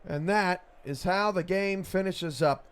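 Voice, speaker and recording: A man calling the plays in esports football commentary, rising to shouts on big plays. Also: sits high, a little slow, background noise. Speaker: play-by-play commentator.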